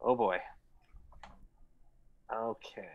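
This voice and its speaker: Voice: mid-range voice, fairly even intonation, extremely slow, lo-fi sound. A player in an online tabletop game, speaking in an unsure, hedging way. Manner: unsure, hedging, laughs easily. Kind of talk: tabletop game play over a call.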